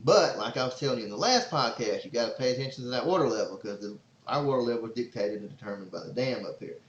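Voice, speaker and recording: A man hosting a podcast, telling a long story in a casual, excitable, rambling way. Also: mid-range voice, fast, a little hiss or hum. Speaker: podcast host and father. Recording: roomy, slightly dull sound.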